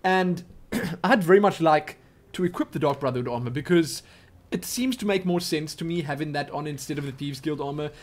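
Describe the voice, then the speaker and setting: A man giving excitable, chatty commentary over his game, often exclaiming and joking. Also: a little high, fairly quick. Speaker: let's play gamer. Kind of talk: live gameplay commentary.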